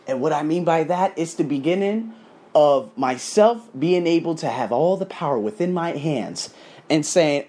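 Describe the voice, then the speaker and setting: A man hosting his own podcast, giving an exuberant motivational monologue that swings from loud, excited bursts to low, calm talk. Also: normal speed. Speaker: podcast host.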